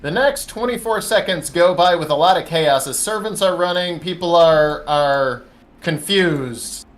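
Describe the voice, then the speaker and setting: A man's voice: a little high, unhurried. A man narrating as dungeon master for a tabletop game, loose with fillers.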